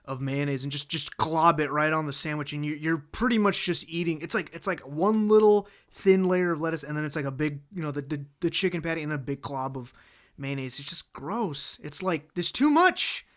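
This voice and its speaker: Talking a little high and fairly quick, the host of a casual solo talk show rambles on about food he's unhappy with. His speech is full of fillers and restarts, punctuated by exasperated outbursts.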